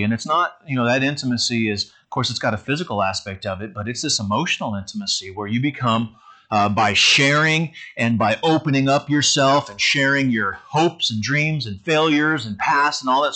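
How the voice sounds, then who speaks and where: A man's voice: mid-range voice, bright, forceful tone. A middle-aged man preaching a conversational sermon to his congregation, often stumbling and repeating words as he goes. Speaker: pastor.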